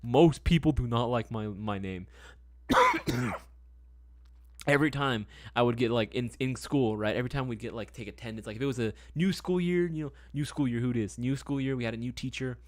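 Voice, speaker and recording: A young livestream host chats casually, loose and slangy, constantly checking in with "right?" and saying "man." His voice sits at a medium pitch and moves a little fast. The sound is dry and close, with no room around it.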